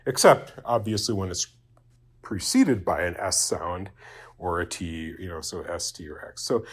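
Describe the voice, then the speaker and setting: A man giving an informal spoken Latin lesson, hesitant and full of fillers, slowly sounding out example words and checking in with "okay?". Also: deep voice, breathy edge. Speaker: Latin teacher.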